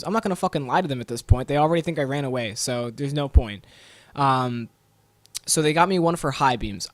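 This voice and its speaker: A man's voice: medium pitch, no echo. Profane, ranting young man on a dry mic. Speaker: podcast host. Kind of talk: casual storytelling monologue.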